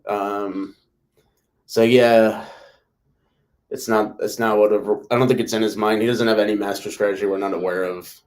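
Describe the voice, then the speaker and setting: A man with a lowish voice hosts a loose live chat. He rambles from point to point and keeps dropping "like" and "you know" into his sentences. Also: little pitch movement, moderate pace, long pauses, a little mellow. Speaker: host. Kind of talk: casual live discussion.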